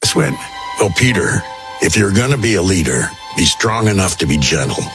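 An older man, a voice actor, slowly and earnestly telling a story in an archive interview clip. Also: deep voice, sing-song. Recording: archive clip with music behind.

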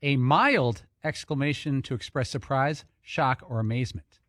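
A man co-hosting a sports talk show, dropping dry, deadpan jokes. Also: medium pitch, normal speed, no echo. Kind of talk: casual studio banter.

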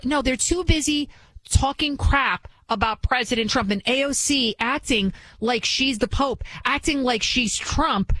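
A woman's voice: fairly high pitch, a bit bright, no room sound, low-quality recording. A woman hosting political opinion commentary, indignant and firing off rhetorical questions with many restarts. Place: New York City.

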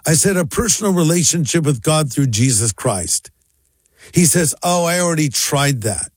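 A man's voice: fairly high pitch, normal speed, husky, dry recording, clean studio sound. A male pastor telling a story and acting out both sides of a conversation, with faint music underneath. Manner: animated, acts out both sides of dialogue. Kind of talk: storytelling talk.

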